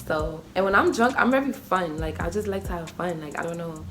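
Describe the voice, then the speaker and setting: A young woman telling a storytime vlog, chatty and full of fillers, jumping up high when she acts out what people said. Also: brisk, a bit bright, faint music behind. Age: young adult. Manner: acts out quoted voices with sudden high pitch. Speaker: vlogger. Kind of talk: casual storytime.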